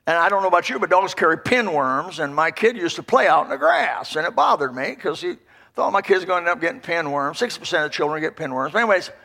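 A pastor delivering a sermon, telling a folksy story with emphatic repetition. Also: male voice, fairly high pitch, expressive, fast, gravelly, bright, forceful tone.

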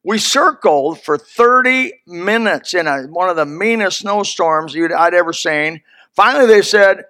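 High-pitched male preacher, folksy storyteller, bursts of loud emphasis. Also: normal speed, dry recording, studio quality. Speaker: pastor. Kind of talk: sermon.

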